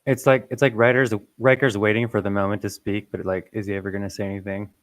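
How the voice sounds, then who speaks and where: A man's voice: on the low side, level tone, fast talker, dry recording. A man in a casual group watch-along chat who muses and asks questions aloud. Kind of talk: casual chat over a voice call.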